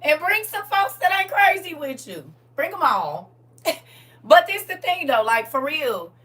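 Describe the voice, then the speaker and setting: A woman hosting a casual livestream chat with her viewers, swinging from soft murmurs to loud, excited exclamations. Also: sits high, a little slow. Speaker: livestream host. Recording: distant mic with faint background hum.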